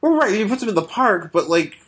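A man's voice: high voice, sing-song, a little fast, a bit bright, a little hiss or hum. Joking man with a raised voice. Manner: joking, laughs often, acts out characters. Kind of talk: casual chat recapping a comic.

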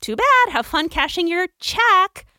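A woman's voice: a little high, sing-song, fairly quick, bright, forceful tone, no echo, studio quality. Brief: condescending male boss, brushing her off, quoted by a woman storyteller. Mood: smug. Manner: condescending, mocking. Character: smug dismissive male boss.

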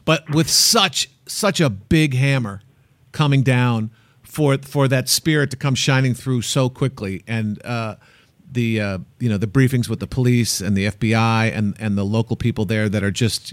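A man hosting a radio show, talking in a relaxed, chatty way with some fillers. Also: mid-range voice, moderate pace, no echo. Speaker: host. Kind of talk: casual radio chat.

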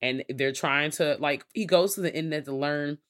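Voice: medium pitch, normal speed, a bit bright. A co-host giving blunt, opinionated commentary on a movie in casual slang. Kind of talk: casual movie recap chat.

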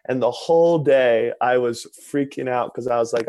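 A man's voice: medium pitch, normal speed, darkish tone. A man who is a podcast guest tells a personal story in a casual, conversational way, candid and self-mocking, and acts out what other people said.

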